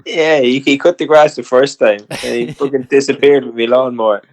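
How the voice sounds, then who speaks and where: A man's voice: medium pitch, fairly even intonation, normal speed, rough recording. A man co-hosting a casual podcast, teasing his friend with wry, sweary remarks. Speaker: podcast co-host.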